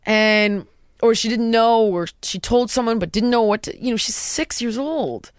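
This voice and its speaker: A woman in her thirties telling a personal story in casual conversation, animated and emphatic, stringing rhetorical questions and dropping to a hush for quoted words. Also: on the high side, moderate pace, smooth, no echo, studio quality.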